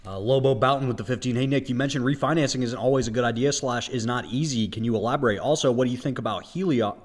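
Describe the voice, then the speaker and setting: A man reads viewer donations aloud during a casual livestream. His delivery is matter-of-fact, at an ordinary middle pitch. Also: fast talker. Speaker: livestream co-host reading donations. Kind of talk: reading donation messages aloud.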